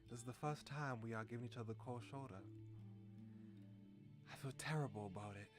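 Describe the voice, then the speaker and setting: A man's voice: medium pitch, a little fast, over music. A man streaming a story game, reading its lines aloud and often restarting and correcting himself.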